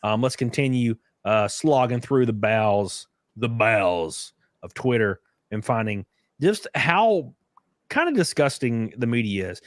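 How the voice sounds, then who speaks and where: A young man hosts a casual political livestream and talks loosely, cursing and mocking. His pitch swings widely as he acts out other people's reactions. The sound is dry and close. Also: very animated, measured pace, no echo. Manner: loose, profane, mocking, acts out quotes with big pitch jumps. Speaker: livestream host.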